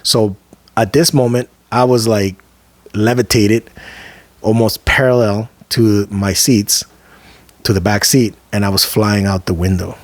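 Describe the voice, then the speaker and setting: A man co-hosting a podcast, telling a personal story in a loose, conversational way, with slang asides and dramatic slowdowns at key moments. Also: lowish voice, steady tone, dry recording. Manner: vivid, emphatic storyteller who slows down for dramatic moments. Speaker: podcast co-host. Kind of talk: casual storytelling chat.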